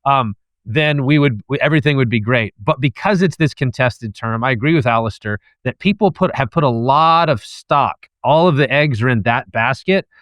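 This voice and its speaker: A man's voice: medium pitch, moderate pace, fairly bright tone, no room sound. A man who is a guest author and professor, thoughtfully laying out an analogy step by step in a discussion. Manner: thoughtful, lays out ideas step by step.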